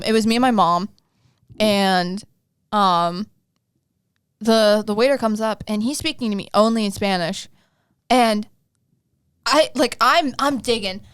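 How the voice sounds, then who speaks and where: A woman's voice: on the high side, measured pace, pauses often, fairly bright tone, smooth, dry recording, clean studio sound. A young woman co-hosting a podcast, telling stories in a chatty, giggly way with many restarts. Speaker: podcast co-host. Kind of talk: casual chat.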